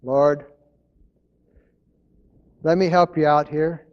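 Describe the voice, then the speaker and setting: A man's voice: a little high, steady tone, slow pace, dull audio. A man preaching a sermon as pastor, in an earnest manner, repeating his key phrases.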